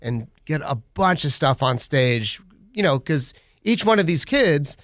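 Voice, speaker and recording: A man's voice: on the high side, lively intonation, a little slow, fairly bright tone, no room sound, studio quality. A man from a theatre production crew who answers interview questions casually and explains things with some restarts.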